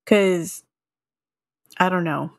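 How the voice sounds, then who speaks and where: Woman co-host, slightly low voice, easygoing and laughing, dry close mic. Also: drawn-out words, gravelly, no echo. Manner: relaxed, agreeable, laughs often. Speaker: podcast co-host. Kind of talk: casual chat.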